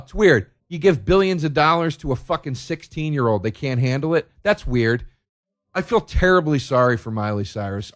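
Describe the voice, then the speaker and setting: A man on his comedy podcast, ranting sarcastically and profanely with big swings in energy. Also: on the high side. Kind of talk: solo comedic rant.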